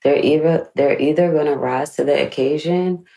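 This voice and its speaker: A woman's voice: low voice, fairly even intonation, normal speed, dark tone, poor audio. A woman in her late thirties hosting a podcast, reflecting candidly on her life in a frank, emotional way and swearing freely. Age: 30s. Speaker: podcast host.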